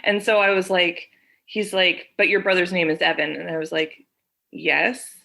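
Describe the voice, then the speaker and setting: Woman, podcast cohost, bright punchy voice, chatty storyteller doing both sides of a call. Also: fairly low pitch, steady tone, moderate pace, vocal fry. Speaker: podcast co-host. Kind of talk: casual chat, retelling a story.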